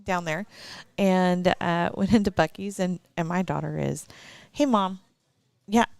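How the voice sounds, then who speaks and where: A woman from Texas with a country accent, commentating live archery in a casual, laugh-filled chat and telling stories with lively voices. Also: lowish voice, measured pace, creaky, clean tone, no echo. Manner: laughs often, tells animated stories.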